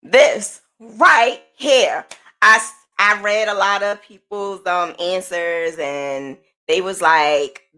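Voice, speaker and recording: A woman's voice: mid-range voice, animated, slow pace, a bit bright. A woman crochet vlogger chatting casually and candidly, swearing now and then and acting out the people she quotes. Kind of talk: casual chat.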